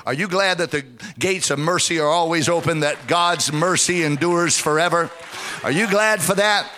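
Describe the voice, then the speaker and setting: A middle-aged male pastor preaching with a bright, forceful voice pitched a little high. He swings into a sing-song cadence and calls out to his congregation. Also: normal speed, a little hiss or hum. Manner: fervent, sing-song preaching with call-and-response. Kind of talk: sermon.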